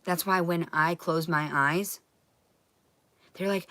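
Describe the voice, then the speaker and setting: An agitated woman delivering a rambling, profane monologue to the camera, swinging between loud ranting and hushed whispers. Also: lowish voice, fairly even intonation, slow pace, dry recording. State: agitated, frantic.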